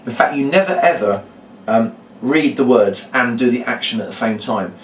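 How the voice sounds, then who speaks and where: A man, a children's magician, demonstrating a trick step by step and acting out his patter with a brighter voice. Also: animated, moderate pace, a little hiss or hum. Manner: explains step by step, then acts out his patter in a bright, higher voice. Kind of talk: demonstration lesson. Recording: echoey room, mic at a distance.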